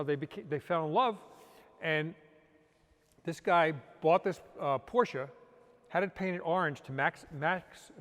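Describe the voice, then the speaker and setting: A man with a somewhat high voice tells stories in a loose, rambling way, often restarting his sentences. His voice trails off into a long reverb, as if recorded in a large hall. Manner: rambling, with frequent restarts and "you know". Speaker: interview guest, car hunter. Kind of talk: casual storytelling.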